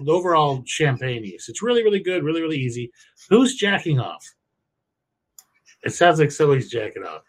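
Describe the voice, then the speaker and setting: Crude joking man explaining home brewing. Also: on the high side. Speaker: podcast co-host. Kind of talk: casual podcast chat.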